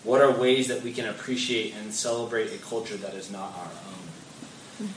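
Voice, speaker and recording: A man's voice: lowish voice, steady tone, moderate pace, a crowd in the background. A man hosting a faith discussion, asking his questions carefully and with some hesitation. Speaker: host. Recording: roomy, distant mic.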